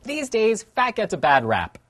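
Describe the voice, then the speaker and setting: A woman presenting a scripted educational lesson in a playful, lively way. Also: mid-range voice, unhurried.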